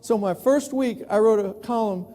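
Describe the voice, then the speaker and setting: Animated storyteller man in an echoey hall. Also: high voice, moderate pace. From New York City. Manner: animated, acts out other people's voices. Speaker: keynote speaker, newspaper columnist. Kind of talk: storytelling conference talk. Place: large conference hall. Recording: echoey hall with long reverb.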